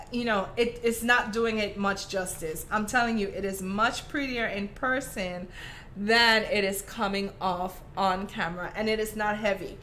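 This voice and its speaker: Caribbean lady chatting thru a live craft stream, bright forceful voice, a bit high. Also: a little hiss or hum. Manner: chatty and affectionate, calls viewers "my darlings". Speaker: craft host.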